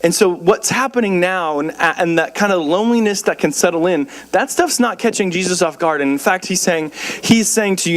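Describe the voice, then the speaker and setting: A young man preaches from a church pulpit in a loose, conversational way. He keeps repeating words and dropping in fillers. His voice sits a little higher than most men's. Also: fairly quick, hardly any pauses. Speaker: pastor. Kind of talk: sermon.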